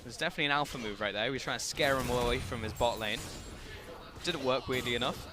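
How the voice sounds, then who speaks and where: A man giving play-by-play esports commentary, quick and rising to excited calls on big plays. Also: medium pitch. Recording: commentary over game music.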